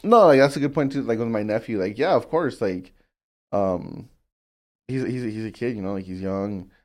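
A man's voice: fairly low pitch, moderate pace, darkish tone. Rambling, swearing young man co-host. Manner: rambling, filler-heavy, profane, laughs often. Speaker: podcast co-host. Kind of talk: casual chat.

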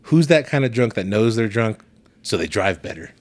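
A man's voice: fairly low pitch, normal speed. A man in casual podcast chat, telling profane stories with frequent laughter. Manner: profane storytelling, laughs often, animated.

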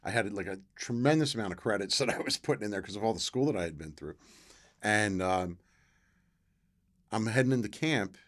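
A middle-aged man with a low voice tells a long personal story in a relaxed interview. He slips into the voices of the people he quotes and jumps up in pitch when he gets excited. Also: fairly quick, long pauses. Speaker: guest, former football player.

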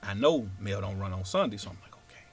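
Animated and acting out every character, a man tells a childhood story as stand-up comedy. His voice is on the low side and fast, with faint music in the background.

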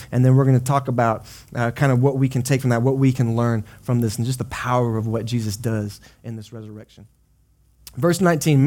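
A man preaching a sermon as pastor, telling the story in a conversational, animated way and voicing dramatic quotes. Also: medium pitch. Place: church service.

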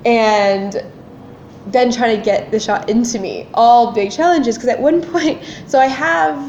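A woman's voice: on the high side, measured pace, darkish tone, a little hiss or hum. A woman co-hosting a podcast, telling a story in casual chat and acting out her own panic. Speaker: podcast co-host. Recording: echoey room, dull lo-fi sound.

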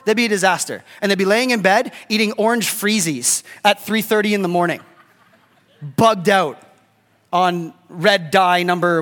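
A man's voice: high-pitched, a bit bright, long reverb tail. A middle-aged man preaching a casual, conversational sermon as a pastor, often checking in with "right?". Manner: conversational, keeps asking "right?".

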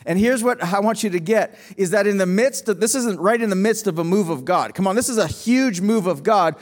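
A man's voice: sits high, fairly quick. A man preaching a sermon as pastor, emphatic, asking rhetorical questions and often restarting his phrases.

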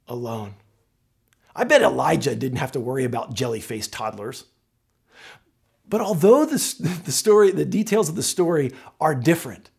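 A man preaching a sermon, reading scripture aloud and then talking it through in an expressive, conversational way, often restarting his phrases. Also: high voice, slightly rough. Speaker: pastor.

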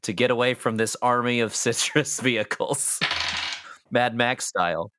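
A man running a tabletop game as game master, relaxed and quick to laugh. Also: mid-range voice, background noise.

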